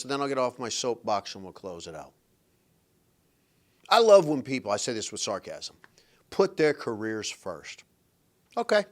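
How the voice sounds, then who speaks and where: A middle-aged man hosting a podcast, giving relationship advice in an emphatic, blunt, preachy motivational monologue. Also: medium pitch. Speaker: podcast host and relationship coach.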